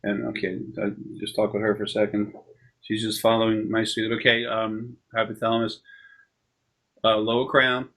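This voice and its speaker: During a session on a video call, this energy healer casually explains things and rambles into lengthy stories. He has a lowish, level, slightly bright voice at a moderate pace.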